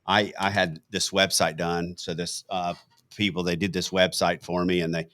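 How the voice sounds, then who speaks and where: A man's voice: sits low, flat delivery, normal speed, fairly bright tone. A man hosting a casual interview, telling stories and often laughing and affirming his guest. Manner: chatty storyteller, laughs often, affirms with "yeah". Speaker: host.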